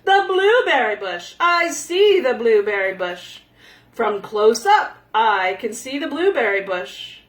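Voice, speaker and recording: A big, jolly male bear from a storybook who booms out his lines, voiced by a woman. His voice rises and falls in lively swings. The sound is roomy and echoey. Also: slow pace. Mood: hearty. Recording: echoey room.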